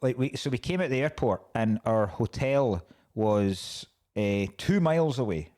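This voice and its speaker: A man's voice: medium pitch, lively intonation, unhurried, a little mellow. A man, a comedian and podcast co-host in casual chat, telling a story with lots of swearing and laughing.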